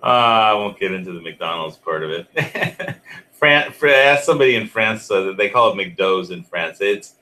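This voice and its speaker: A man's voice: lowish voice, lively intonation, moderate pace, pushed and bright, low-quality recording. A man on a discussion panel, telling rambling stories in a casual, chuckling way.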